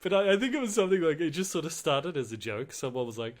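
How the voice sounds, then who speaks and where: Lively, giggly young male co-host. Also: a little high, fast. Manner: chatty, giggly, animated storytelling. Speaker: podcast co-host. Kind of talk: casual chat.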